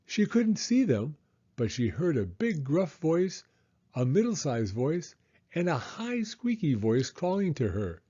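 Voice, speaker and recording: A man reading a children's story aloud with expressive, unhurried narration. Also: a little high, breathy edge, muffled recording. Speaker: storybook reader.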